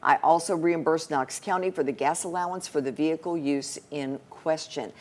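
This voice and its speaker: A woman anchoring a televised political panel, her voice sitting unusually low. She reads out statements and draws her guests out with easy, conversational questions. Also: moderate pace, a little mellow.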